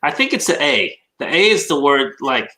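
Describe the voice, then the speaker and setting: A man's voice: a little high, big pitch swings, moderate pace, bright, forceful tone, low-quality recording. A man hosting a podcast, chatting casually and asking curious questions about accents. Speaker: podcast host. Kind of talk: casual chat.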